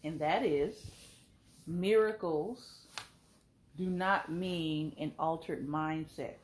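A prophet co-teaching on a podcast, speaking in a measured, deliberate way and stressing words for weight. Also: mid-range voice.

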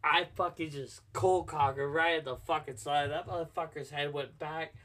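A man's voice: fairly high pitch, steady tone, moderate pace, pushed and bright, distant mic. A man co-hosting a casual podcast, telling a bar story in a rambling, profane way full of "like". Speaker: podcast co-host, bar bouncer.

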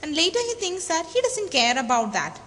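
A woman teaching a literature lesson, explaining a text with frequent pauses and restarts, and reading quotations slowly. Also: high voice, big pitch swings, fairly bright tone. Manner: many fillers and restarts, reads quoted passages slowly. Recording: roomy reverb, faint background noise.

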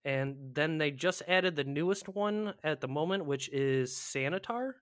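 Gamer co-host, male, a touch high-voiced, excitable and foul-mouthed, dry close recording. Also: measured pace, dry recording. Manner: animated, profane, mimics panicked players. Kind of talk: casual gaming chat.

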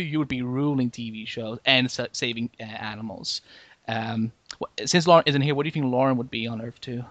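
A man's voice: mid-range voice, a bit bright, no echo. A man hosting a podcast in casual chat, rambling along with frequent "like" and restarts. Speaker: podcast host.

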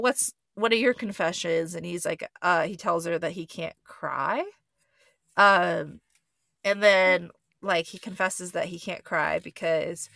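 A woman hosts a casual podcast and rambles through a movie recap, correcting herself as she goes. Her voice is bright, with a gravelly fry at the ends of her phrases. The recording is dry and close. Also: on the low side, no room sound. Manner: rambling and chatty, with frequent fillers and self-corrections. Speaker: podcast host.

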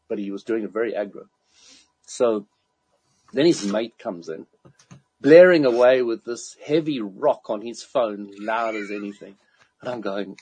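A man's voice: lowish voice, moderate pace, breathy edge, dry recording. A man in casual chat, telling an anecdote with lots of laughter and acted-out quotes. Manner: animated anecdote-telling, laughs often, acts out quoted people.

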